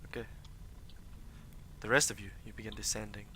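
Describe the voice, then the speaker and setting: A man's voice: fairly low pitch, little pitch movement, a little fast, pushed and bright, slight background noise. A man narrating as dungeon master in casual, swearing talk full of fillers. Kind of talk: narrating a tabletop game. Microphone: streaming desk mic.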